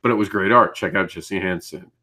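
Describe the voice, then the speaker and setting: A man's voice: low-pitched, fairly quick, bright, forceful tone. A man hosting a live indie comics news show, chatting casually, stumbling over names and laughing at his own slips. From Ireland.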